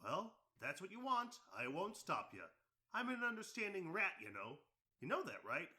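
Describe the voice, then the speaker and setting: A man's voice: sits high, very animated, normal speed, sharp tone, exaggerated voice. An actor playing a cocky, streetwise talking male rat companion in a video game, with a teasing, easygoing manner.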